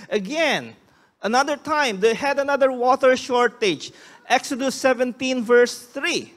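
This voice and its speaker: Very high-voiced male pastor preaching. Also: animated, normal speed, fairly bright tone. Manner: emphatic preaching, acting out quoted voices; frequent restarts. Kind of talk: sermon.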